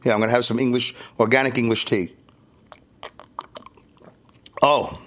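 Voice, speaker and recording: A man's voice: mid-range voice, fairly even intonation, fast talker, a bit bright. A man with a Brooklyn accent hosting his podcast from a hotel room, rambling and self-deprecating, with lots of restarts and asides. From New York. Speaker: podcast host. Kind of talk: casual solo podcast monologue.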